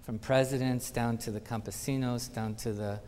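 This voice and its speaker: A man giving a conference talk, telling animated anecdotes and acting out the quotes. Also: medium pitch, normal speed, a little hiss or hum. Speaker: conference speaker. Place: conference hall. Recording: reverberant conference hall.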